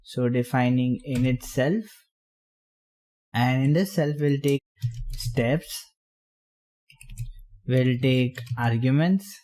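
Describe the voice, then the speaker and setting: A man explaining programming step by step while typing, in halting phrases. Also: medium pitch, darkish tone. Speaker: programming tutor. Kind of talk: screen-recorded coding tutorial.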